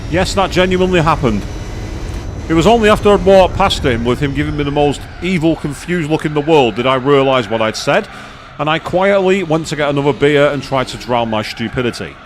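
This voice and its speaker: With a slightly high, expressive voice and a brisk pace, a streamer talks through a live racing game session over slight background noise. His gameplay commentary and chat wander, stay chatty, and often turn self-deprecating.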